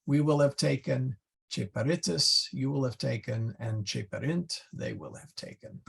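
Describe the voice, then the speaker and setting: A man teaching a Latin class, explaining slowly and patiently with many fillers. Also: mid-range voice, creaky, fairly bright tone, slightly rough. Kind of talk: online class lecture.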